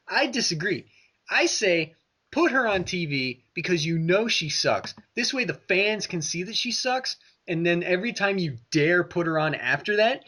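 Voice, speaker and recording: A man co-hosting a casual review podcast, ranting and swearing with lively, exasperated energy. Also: high voice. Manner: ranting, profane, animated. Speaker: podcast co-host.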